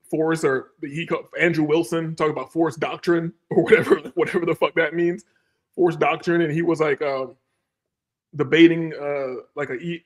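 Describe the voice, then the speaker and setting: A man hosting a casual podcast, talking in a loose, slangy way full of fillers. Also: a little high. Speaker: podcast host. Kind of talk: casual chat.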